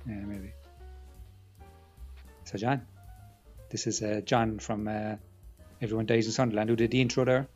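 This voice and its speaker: A man's voice: lowish voice, flat delivery, moderate pace, long pauses, a little mellow, breathy edge, muffled recording, soft background music. A man with a Cork Irish accent co-hosting a podcast in a laid-back, joking way. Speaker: podcast co-host. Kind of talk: casual chat.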